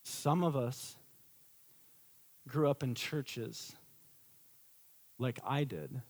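A middle-aged man preaching a sermon as a pastor, swinging from loud emphatic peaks to a quiet storytelling tone. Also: mid-range voice, drawn-out words.

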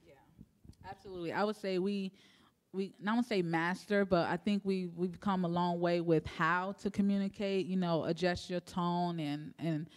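A woman chatting as a guest about her marriage, acting out quotes in a lively way. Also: on the low side, normal speed. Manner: lively storyteller, acts out quotes; says she talks loudly. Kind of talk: casual interview chat.

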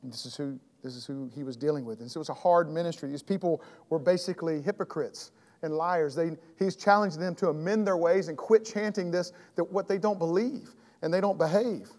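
A man's voice: fairly high pitch, a little fast, darkish tone. Earnest man teaching in a reverberant hall. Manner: earnest, emphatic, repeats and restarts phrases. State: throat trouble, clearing his throat. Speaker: Bible teacher. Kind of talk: evening Bible class teaching.

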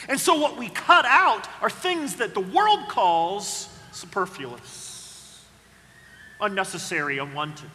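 Man, preacher, sermon, high, sharp bright voice, dramatic, long reverb. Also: animated, takes it slowly. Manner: dramatic, acts out quoted voices, swings from loud to hushed. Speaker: pastor.

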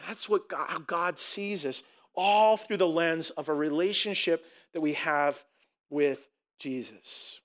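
A man in his forties preaching a sermon in a church, earnest, often repeating and restarting phrases and slowing down to stress words. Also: fairly high pitch. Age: 40s. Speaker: pastor. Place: church sanctuary with rows of seats.

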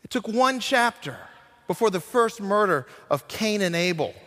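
A man delivers a sermon in a church hall, his voice sitting a little high for a man. He speaks earnestly and dramatically, slowing down to stress key points. A long reverb trails every phrase. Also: a bit bright. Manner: earnest, dramatic delivery with acted quotes and slowed emphasis. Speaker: guest preacher.

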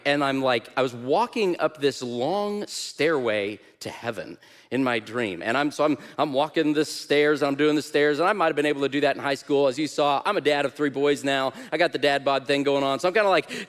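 A man, a guest minister, preaching a sermon with energetic, humorous storytelling that turns earnest. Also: a little high. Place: church sanctuary. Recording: echoey church hall.

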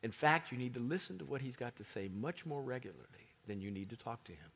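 Husky, animated man preaching. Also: medium pitch, fast, hardly any pauses. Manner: animated preaching that drops into whispers. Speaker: pastor. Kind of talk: sermon.

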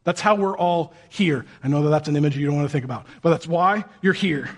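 Male pastor, high voice, upbeat sermon delivery with jokey asides. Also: fairly quick. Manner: lively, joking, bursts into sung and shouted asides.

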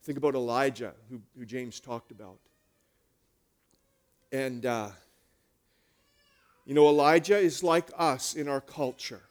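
A male pastor preaching a sermon, retelling stories with lively swings between hushed and loud delivery. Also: medium pitch, a little slow, long pauses.

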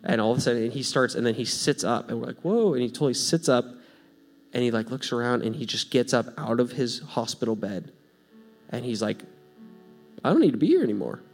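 A man preaching, telling a story in a casual, animated way, going from hushed to loud. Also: mid-range voice, fairly quick, soft background music. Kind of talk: sermon storytelling.

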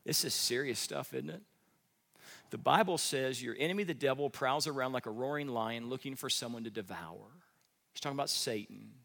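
A man preaching a sermon as pastor, animated, with humor and acted-out voices. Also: mid-range voice, vocal fry, in a large hall. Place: church sanctuary.

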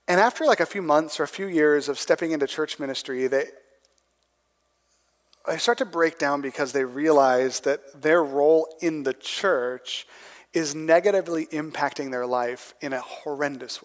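A man's voice: on the high side, long reverb tail. A man preaching a sermon in a conversational way, often asking "right?" to a room with people present. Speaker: pastor.

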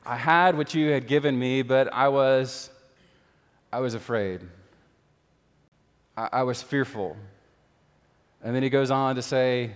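Man, pastor, conversational sermon, rhetorical questions, mid-pitched voice, hall reverb. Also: unhurried, long pauses.

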